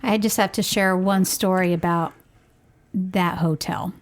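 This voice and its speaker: A woman's voice: fairly low pitch, unhurried. A woman retelling a family trip. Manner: animated, laughing retelling. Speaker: podcast co-host, parent. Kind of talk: casual storytelling chat.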